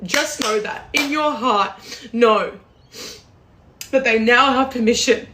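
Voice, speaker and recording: A woman's voice: fairly high pitch, takes it slowly, background noise. A woman from Australia with an Australian accent, speaking earnestly and indignantly to camera. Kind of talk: angry monologue to camera.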